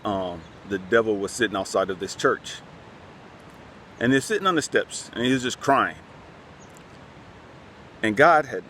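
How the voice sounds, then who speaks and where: A man with a fairly low voice speaks earnestly and conversationally, as if confiding in close friends. He keeps returning to the same refrain as he talks. Faint traffic rumble sits behind him outdoors. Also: bright, forceful tone. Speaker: channel host. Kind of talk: heartfelt talk to camera.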